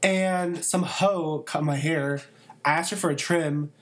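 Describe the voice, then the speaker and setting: A young man, a college student working as a photography intern, chats casually on a podcast. His voice is a little high and fairly even, and he speaks slowly, telling rambling stories packed with fillers and crude jokes.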